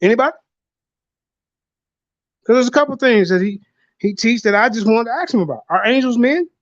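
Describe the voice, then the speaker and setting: Blunt, lively-voiced male panel moderator. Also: extremely high pitch, fairly quick, no echo. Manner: blunt, profane, repeats himself. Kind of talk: heated online panel argument. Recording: dull lo-fi audio.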